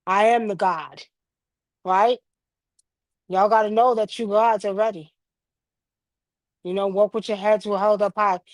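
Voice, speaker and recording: A woman's voice: mid-range voice, level tone, a little slow, pauses often, a little mellow, dry recording. A woman in her fifties hosting a livestream, teaching spiritual ideas in a casual, earnest, preachy way and speaking straight to her viewers. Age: 50s. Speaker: livestream host.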